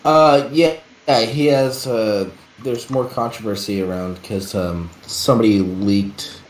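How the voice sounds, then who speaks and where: Male guest, halting and slow-paced, filler-heavy delivery, roomy echo. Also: on the low side, fairly even intonation. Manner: halting, many uhs and restarts. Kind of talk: casual livestream chat.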